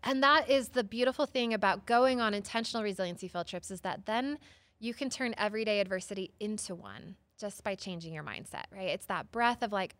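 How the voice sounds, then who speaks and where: A woman psychotherapist telling stories as a guest in an interview, expressive, often saying "like" and "right?". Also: mid-range voice, brisk, no echo. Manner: expressive, acts out quoted voices, many "like" and "right?". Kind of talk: storytelling in an interview.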